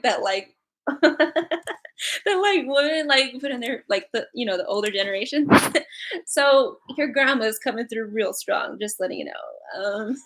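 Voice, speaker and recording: A woman's voice: a little high, a bit bright. A woman reading angel cards on a live stream from home, chatty and giggly, with lots of fillers. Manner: giggly, laughs often, many fillers. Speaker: psychic card reader. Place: at home with a cat.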